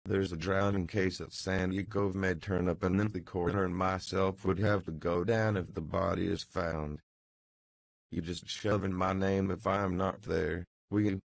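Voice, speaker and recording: A man reading the lines of a chatty, offhand acquaintance, in his own low, gravelly voice. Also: level tone, moderate pace, dry recording. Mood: casual.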